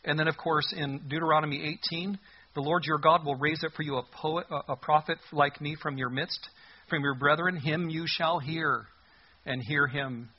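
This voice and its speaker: A man's voice: fairly high pitch, fairly even intonation, normal speed, breathy edge, highs cut off. A man preaching a sermon in a conversational, humorous way, reading scripture aloud. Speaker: pastor.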